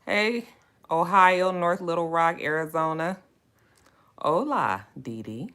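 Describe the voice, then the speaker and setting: Low-voiced woman chatting on a livestream. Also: lively intonation, slow pace, a bit bright. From West Coast of the United States. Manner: greets viewers by name, chatty and drawling. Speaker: book club host. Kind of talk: casual livestream chat.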